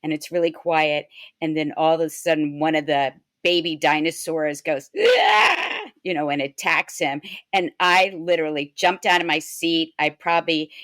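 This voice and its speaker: A woman co-host with a very low voice, telling stories in a measured, reflective way. Her voice sounds dry and close to the mic. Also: flat delivery, a bit bright, no room sound. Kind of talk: casual chat.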